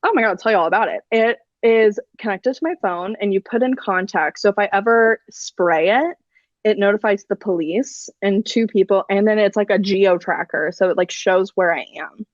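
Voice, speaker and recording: A young woman guest on a pop culture podcast, rambling and animated in casual chat and swearing freely. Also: medium pitch, normal speed, no room sound, muffled recording.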